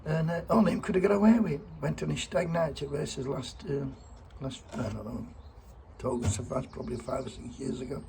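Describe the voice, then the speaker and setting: A man's voice: on the high side, a little fast, creaky, dark tone. A middle-aged man giving a blunt, heartfelt spoken tribute and swearing freely.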